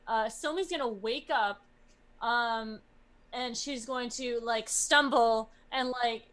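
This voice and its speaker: A woman's voice: on the high side, slow, poor audio. A woman playing a tabletop role-playing game, describing her character's actions and slipping into her voice. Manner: animated, squeals and soothing hushes in character. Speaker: player.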